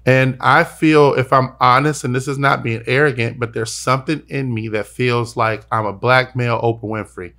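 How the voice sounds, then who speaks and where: With a mid-range, pushed, bright voice, a young man hosting a podcast keeps a steady tone and moderate pace with hardly any pauses. He's earnest and emotional in this personal talk, circling back over words when he's moved.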